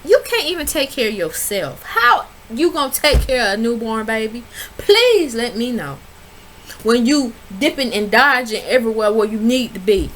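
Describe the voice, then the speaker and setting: Woman vlogger, casual, sassy retelling with sudden high squeals for quotes, faint background hiss. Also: normal speed. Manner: animated, sassy storytelling with big pitch jumps when quoting people. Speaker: reality TV reviewer. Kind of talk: casual recap vlog.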